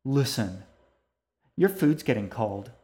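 A man voicing a fretful, worried older brother in a storybook reading, with a flat, weary delivery. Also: medium pitch, takes it slowly.

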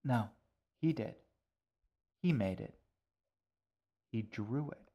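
A man's voice: mid-range voice, expressive, takes it slowly, dark tone, muffled recording. A man reading an audiobook voices an easygoing young boy who talks in a blunt, matter-of-fact way. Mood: offhand.

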